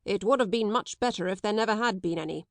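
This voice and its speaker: A woman's voice: medium pitch, normal speed, creaky, no room sound, natural voice. A woman reading an audiobook, voicing a dry, brusque middle-aged male solicitor with a clipped, disapproving manner.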